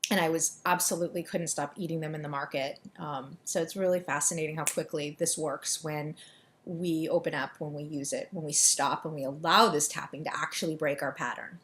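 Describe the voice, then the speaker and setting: A woman coaching listeners through an EFT tapping session, giving quick, soothing directions and leading affirmations for them to repeat. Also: low-pitched, fairly even intonation, a bit bright, a little hiss or hum. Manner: deliberately quick delivery.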